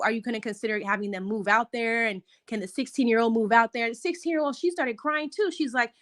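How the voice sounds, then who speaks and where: A woman, herself a mother, giving a casual, opinionated recap of a reality show into a close microphone, with sudden excited jumps in pitch. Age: adult, a mother. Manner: chatty, opinionated, animated rises in pitch.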